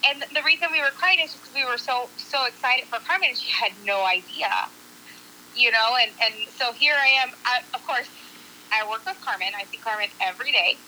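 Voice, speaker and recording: A woman's voice: a little high, a little fast, a little hiss or hum, rough recording. A woman telling a story to a group of friends in a casual way, acting out what people said and swearing casually. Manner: animated, acts out quotes, swears casually.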